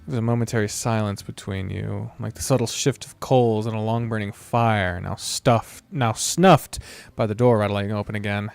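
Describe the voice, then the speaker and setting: A man's voice: on the low side, steady tone, normal speed, vocal fry, hardly any pauses, clean tone. A man streaming a story game, reading its narration aloud in a playful manner. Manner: playful, laughs between lines.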